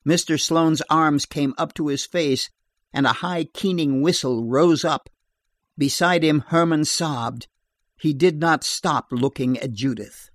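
A man narrating a horror story in a steady, measured reading voice. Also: fairly high pitch, dry recording, clean studio sound.

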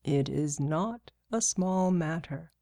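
A woman doing a calm, wise old man. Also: low-pitched, takes it slowly, no room sound, studio quality, heavily acted. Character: calm, wise old male tribal speaker.

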